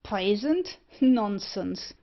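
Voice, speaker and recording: A woman's voice: mid-range voice, expressive, very slow. A jolly, unbothered rascal who helps himself to food and wine, put on by a woman. The storybook recording sounds muffled and lo-fi. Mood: jovial. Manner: breezy dialect speech. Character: jolly greedy male dog-thief rogue.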